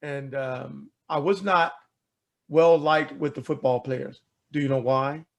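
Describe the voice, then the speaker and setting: A man telling a personal story in an animated way, asking rhetorical questions and repeating words as he talks. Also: medium pitch, measured pace, vocal fry. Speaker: speaker telling a life story. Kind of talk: storytelling talk.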